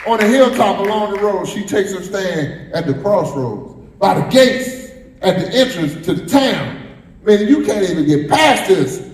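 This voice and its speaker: Man, pastor, high voice, call-and-response preaching, echoey church hall. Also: expressive, a little slow. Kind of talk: sermon. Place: church sanctuary. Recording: echoey hall, roomy reverb.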